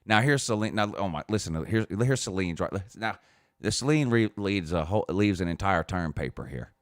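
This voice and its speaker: Male show host with a very deep voice, casual and mocking, reading viewer comments in a dry, close recording. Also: lively intonation, moderate pace, no echo. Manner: mocking, laughs often while reading. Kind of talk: casual chat.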